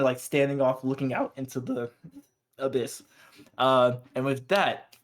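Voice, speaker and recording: A young man on a podcast excitedly recapping anime episodes. He rambles through the plot with slang and asides, his pitch sitting in the middle of the range. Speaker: podcast co-host.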